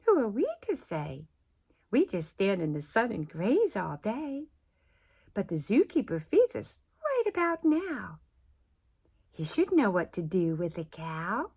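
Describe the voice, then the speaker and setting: Kind, easygoing zebras from a picture book, as a woman reads them. They sound friendly, high and relaxed. Their slow lines have a soft, breathy touch. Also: heavily acted. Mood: kindly.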